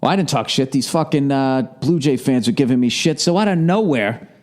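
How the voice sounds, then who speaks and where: A man's voice: mid-range voice, animated, brisk, darkish tone. A man talking in a rambling, profane monologue as a podcast host, his voice a little sore and a cough drop in his mouth.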